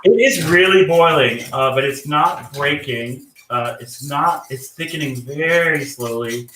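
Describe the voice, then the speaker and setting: A man's voice: fairly high pitch, unhurried, bright, forceful tone, far from the mic, a little hiss or hum. Chatty man in a roomy kitchen. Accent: General American. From North Carolina, raised partly in Georgia. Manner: chatty, lots of "like" and "you know". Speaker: guest cook. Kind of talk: casual chat while cooking.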